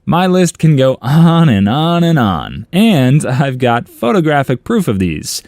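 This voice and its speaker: A man reads online comments aloud for a story channel, playful and amused. His mid-pitched voice swings up and down with a lot of life. The sound is dry and close, with no room around it. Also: very animated, measured pace, a little mellow, dry recording.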